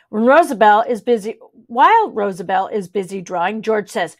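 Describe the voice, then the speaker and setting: A woman reading a children's chapter book aloud, lively and switching voices for each character. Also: mid-range voice, fairly quick, few pauses, no room sound. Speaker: audiobook reader.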